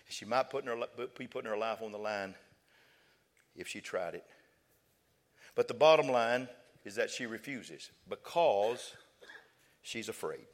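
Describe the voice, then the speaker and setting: A man's voice: mid-range voice, a bit bright. A man preaching a sermon as a pastor, telling a story in a conversational way and often repeating himself. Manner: conversational storytelling with frequent repetition.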